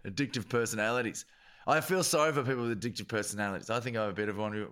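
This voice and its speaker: A man co-hosting a podcast in casual chat, animated and joking, laughing often. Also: fairly low pitch, very fast, clear, resonant tone. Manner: animated, laughs a lot, plays with words. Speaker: podcast co-host.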